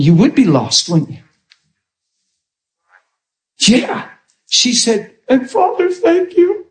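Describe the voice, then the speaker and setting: A man preaching a sermon, telling stories with animated delivery and acting out the quoted voices in soft tones. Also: on the high side. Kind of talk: sermon storytelling. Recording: echoey room.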